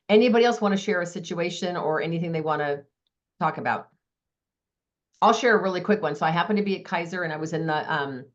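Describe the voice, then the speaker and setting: A woman's voice: low voice, lo-fi sound. A woman hosting a group call who tells stories chattily and acts out the dialogue. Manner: chatty storyteller acting out dialogue. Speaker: meeting host. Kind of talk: casual group sharing.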